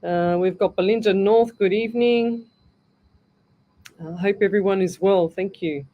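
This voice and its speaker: A woman's voice: mid-range voice, unhurried, phone-quality sound. A middle-aged Australian woman hosting a live call-in radio show as a psychic medium, chatty and greeting listeners by name as she thinks aloud.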